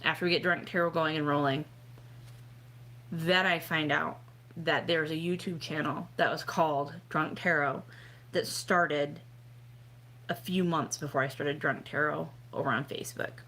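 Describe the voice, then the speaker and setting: A tipsy woman hosting a tarot livestream, rambling and self-deprecating, with bursts of excitement. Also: deep voice, unhurried. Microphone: home webcam livestream.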